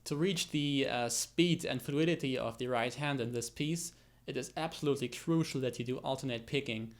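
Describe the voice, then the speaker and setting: Medium in pitch and normal in pace, a male guitar teacher explains technique in a tutorial while loud guitar plays under his voice. He leans on fillers, keeps restarting, and counts beats aloud.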